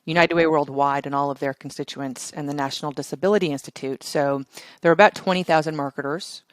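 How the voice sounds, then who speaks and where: Middle-aged female founder, animated interviewee, dry close recording. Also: deep voice, fast talker, no room sound. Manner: energetic and chatty, with frequent laughter and restarts. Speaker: guest, tech company founder. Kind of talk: casual interview chat.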